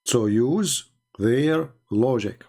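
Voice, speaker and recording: A man's voice: mid-range voice, drawn-out words, mellow, faint music behind. A man with a non-hosting a live stream, retelling debates and acting out what others said in a raised voice, often repeating words and restarting sentences.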